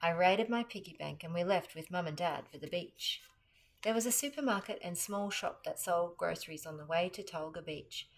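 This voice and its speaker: Expressive Australian woman reading a kids' story. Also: on the low side, moderate pace. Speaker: children's story reader. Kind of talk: reading a children's book aloud.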